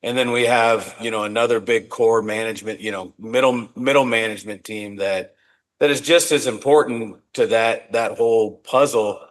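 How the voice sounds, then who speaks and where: A man's voice: on the low side, normal speed. A man being interviewed on a podcast as a company executive, speaking in an earnest, reflective way and often restarting his words. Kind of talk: casual interview talk.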